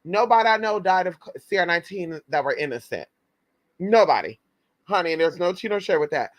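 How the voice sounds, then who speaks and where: Sassy, profane man telling a story. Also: no room sound. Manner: sassy, profane, dramatic, jumps into high-pitched quoted voices. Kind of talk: casual storytime monologue.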